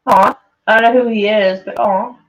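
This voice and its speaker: A woman's voice: medium pitch, steady tone, moderate pace. A woman vlogger reading tweets aloud and reacting in a rambling, casual way, full of "like" and frequent swearing. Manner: rambling, heavy on "like", swears often. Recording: dull lo-fi sound.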